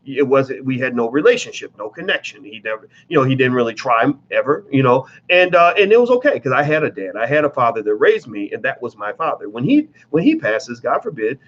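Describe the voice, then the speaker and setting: A man's voice: medium pitch, big pitch swings, a little fast, few pauses, fairly bright tone, muffled recording. A man giving blunt, emphatic commentary in a casual vlog, talking straight to his viewers with plenty of profanity.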